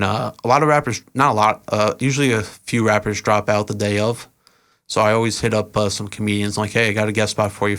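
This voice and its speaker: A young man, a podcast guest, telling stories in a relaxed, rambling way with lots of fillers. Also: fairly low pitch, clear, resonant tone. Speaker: podcast guest, event organizer and rapper. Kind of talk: casual interview storytelling.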